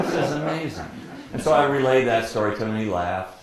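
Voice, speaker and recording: A man in his sixties who grew up in Detroit, a sportscaster speaking as guest, telling lively anecdotes and acting out quotes with frequent laughter. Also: mid-range voice, fairly quick. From Detroit, USA. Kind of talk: anecdotal storytelling talk. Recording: very echoey room, faint background noise.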